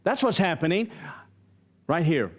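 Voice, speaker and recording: An older man from Arizona gives a Bible study lecture. His voice sits slightly high for a man, and he drives each point with rhetorical questions and firm emphasis. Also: big pitch swings, measured pace.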